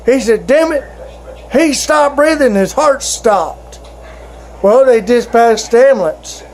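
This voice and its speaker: A man's voice: extremely high pitch, expressive, a little mellow, a little hiss or hum, poor audio. A man telling his fellow vloggers a personal story in a casual, rambling way, stopping and restarting often. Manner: halting, rambling, with frequent restarts.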